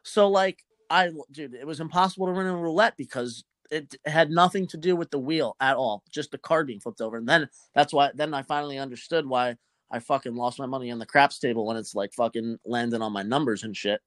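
A man's voice: medium pitch, fairly quick, a bit bright, dry recording. A young man hosting a podcast, telling a rambling, profane story in casual chat. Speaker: podcast host.

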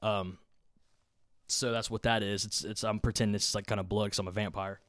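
A man's voice: fairly low pitch, little pitch movement, brisk, a bit bright, dry recording. Profane rambling Southern Ohio man. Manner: profane, rambling, laid-back. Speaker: podcast host. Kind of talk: unscripted solo podcast chat.

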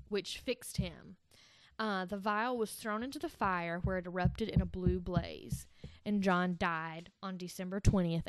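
A woman's voice: on the low side, dry recording, studio quality. A woman co-hosting a casual podcast, retelling a spooky tale in a chatty, profane way with lots of ums. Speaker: podcast co-host.

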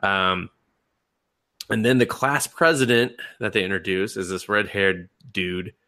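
A man's voice: sits low, fairly even intonation, unhurried, sharp tone. A man hosting a podcast, casually and animatedly recapping an anime, laughing and acting out the characters' lines. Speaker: podcast host.

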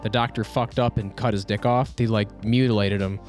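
A man's voice: lowish voice, steady tone, moderate pace, a little mellow, soft background music. A man on a podcast telling a grim anecdote in blunt, matter-of-fact casual chat. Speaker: podcast co-host.

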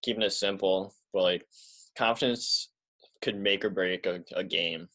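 A man's voice: low-pitched, a little slow, sharp tone. A man hosting a sports podcast, chatting casually and saying "like" often. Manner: casual, heavy use of "like". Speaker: podcast host.

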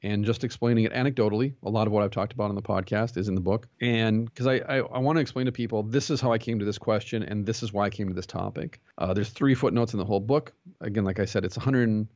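A low-voiced man talks quickly and earnestly as a guest on a podcast, a pastor who teaches jiu-jitsu. He tells his stories with lively quoted dialogue. The sound is dry and a little muffled. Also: no room sound. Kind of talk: conversational interview.

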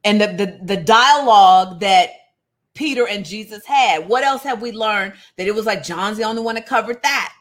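A woman giving a lively, conversational Bible lesson, calling out to her listeners. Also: medium pitch, moderate pace. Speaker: Bible study teacher. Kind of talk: casual sermon-style Bible teaching.

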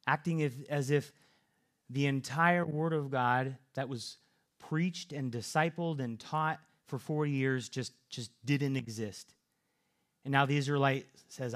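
A man's voice: medium pitch, steady tone, a little slow, a bit bright. Male preacher, earnest sermon delivery, frequent restarts. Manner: earnest, repeats words and restarts often.

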